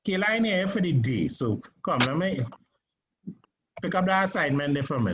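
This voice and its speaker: A man's voice: fairly high pitch, sing-song, moderate pace. A man teaching a stage acting class, coaching his students and checking in with "right?" as he explains. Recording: muffled classroom recording with background noise.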